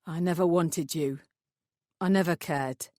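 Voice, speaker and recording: A woman voicing a nervous, guilt-ridden middle-aged father who speaks quietly in an audiobook. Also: lowish voice, a little slow, no room sound, studio quality, close to an everyday voice. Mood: tense. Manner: quiet, subdued.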